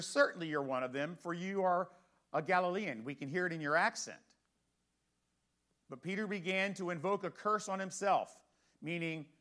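Male pastor, high voice, conversational sermon delivery with frequent rhetorical questions. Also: a bit bright.

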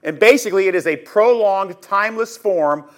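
A man with a high-pitched voice teaches scripture as a sermon. He tells the story with drama and emphasis, moving between loud bursts and hushed moments, and often asks his listeners questions directly. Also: moderate pace. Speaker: Bible teacher.

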